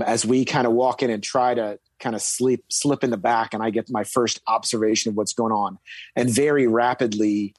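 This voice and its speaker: Rambling storytelling man, dry sound. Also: dry recording. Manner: rambling, many fillers and restarts, sudden emphatic pitch jumps. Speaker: guest recounting military service. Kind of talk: casual storytelling.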